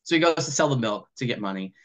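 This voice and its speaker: A man co-hosting a casual podcast, retelling film scenes in a loose, animated way, full of "like" and casual swearing. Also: mid-range voice, quick pace. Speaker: podcast co-host. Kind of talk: casual film discussion chat.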